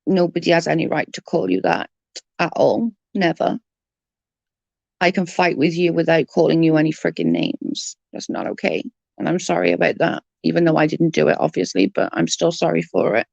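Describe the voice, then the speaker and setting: A woman's voice: low voice, fairly even intonation, normal speed, vocal fry, a little mellow, no echo, lo-fi sound. A woman with a Welsh accent chatting casually on a live stream, greeting viewers by name in an earnest, emotional way. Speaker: livestream host.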